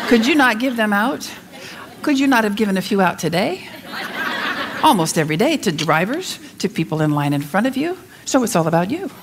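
A woman speaking to an audience, telling a story in an animated, laughing way. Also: medium pitch, a little hiss or hum.

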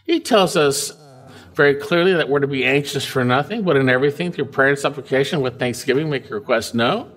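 A man's voice: a little fast, fairly bright tone. A man preaching an expository sermon, emphatic and conversational, with frequent asides to the congregation. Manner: emphatic, pitch rising and dropping widely between phrases.

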